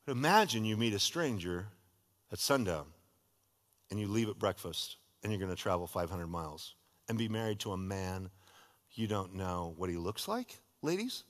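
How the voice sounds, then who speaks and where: A man's voice: medium pitch, normal speed, in a large hall. A middle-aged male pastor preaching a sermon, telling a personal story in a casual, conversational way. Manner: casual, conversational storyteller with lively retold dialogue. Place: church sanctuary.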